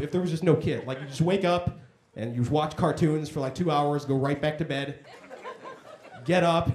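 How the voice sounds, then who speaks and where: This stand-up comic has a slightly high voice with a darkish tone. Performing on a club stage in a room full of echo, he chats with the audience, pokes fun at himself, and does voices as he tells his stories.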